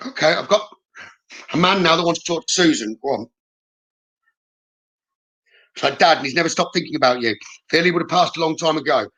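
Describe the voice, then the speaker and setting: A man's voice: a little high, a little fast, pauses often, bright, forceful tone, muffled recording. A man working as a psychic medium in a live reading, relaying messages in a reassuring way and often checking in with "okay?". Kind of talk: live-streamed spirit reading.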